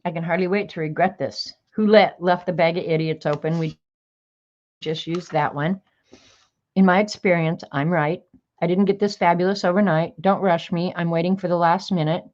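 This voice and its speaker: A woman's voice: fairly low pitch, fairly even intonation, normal speed, darkish tone. A woman reading sassy one-liners aloud to her viewers in a casual, chatty way, with small laughs in between. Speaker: crafter sharing sayings on video. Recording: dull, lo-fi home video sound.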